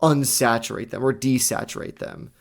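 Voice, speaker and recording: A man's voice: medium pitch, moderate pace, vocal fry. A young man co-hosting a casual hobby chat, talking eagerly with slangy asides. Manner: enthusiastic, chatty, slangy. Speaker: podcast co-host.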